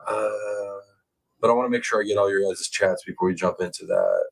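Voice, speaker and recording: A relaxed man with a lowish voice hosts a casual livestream from home. He chats easily with his viewers, drawls out his words and reads their comments aloud. His voice leaps higher whenever a viewer excites him. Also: a little fast, gravelly, poor audio. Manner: laid-back, chatty, drawling out words; rises high when excited by a viewer. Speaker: livestream host reading chat.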